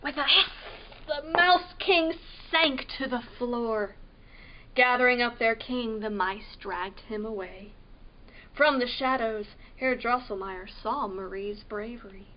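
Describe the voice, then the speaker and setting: A woman librarian reading a picture book aloud at storytime, slow and expressive, asking the listening children questions. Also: on the high side, highs cut off, a little hiss or hum.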